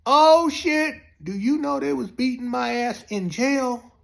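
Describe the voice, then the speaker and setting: A man telling a profane comic story, jumping up high when excited. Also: moderate pace, gravelly. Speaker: comedian storyteller. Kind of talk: comic monologue.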